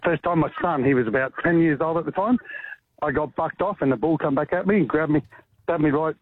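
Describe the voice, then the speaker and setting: Give me an Australian man calling a radio show over a thin phone line, talking fast and blunt. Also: on the high side, husky. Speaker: caller. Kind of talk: casual phone-in story.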